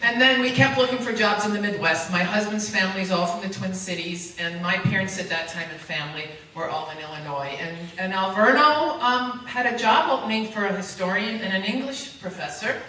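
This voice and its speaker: A woman, an author, answering a fan question on a convention panel in a measured, articulate way. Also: mid-range voice, sharp tone, slight background noise. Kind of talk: casual Q&A answers. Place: large convention hall. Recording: echoey hall from far off.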